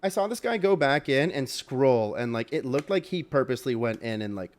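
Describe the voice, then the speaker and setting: A man's voice: medium pitch, a little fast. Young man telling a rowdy story. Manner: animated storytelling, loud bursts. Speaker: podcast co-host. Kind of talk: casual podcast chat.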